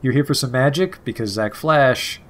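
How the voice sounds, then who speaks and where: A man voicing a cheerful, worn-out male elf street mage with a deep voice and a showy manner. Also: normal speed, a bit bright, close to an everyday voice.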